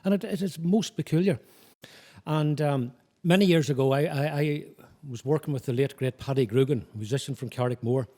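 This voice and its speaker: A man's voice: fairly high pitch, moderate pace, dark tone. A man with a Tyrone accent, a poet talking about local accents and reciting his own dialect poem in a rhythmic way. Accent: Northern Irish, Tyrone. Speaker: poet and musician guest.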